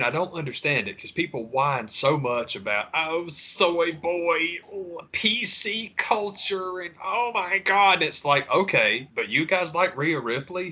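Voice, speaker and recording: Animated, swearing podcast co-host. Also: male voice, mid-range voice, breathy edge. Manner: animated, profane, laughs often, mimics voices. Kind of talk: casual chat.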